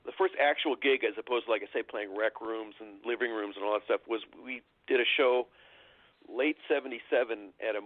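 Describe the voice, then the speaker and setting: A man in his sixties from Southern California talks as a radio interview guest. He tells stories in a relaxed, chatty way and laughs as he goes. His voice arrives over a thin, tinny phone line with a dry sound. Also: fairly low pitch, brisk, dry recording. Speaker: guest musician. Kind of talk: casual radio interview storytelling.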